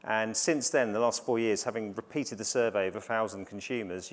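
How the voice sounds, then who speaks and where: Brief: middle-aged man presenting at a business conference, chatty, loose with fillers, medium pitch. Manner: conversational, frequent fillers and restarts. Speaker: conference speaker. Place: conference stage.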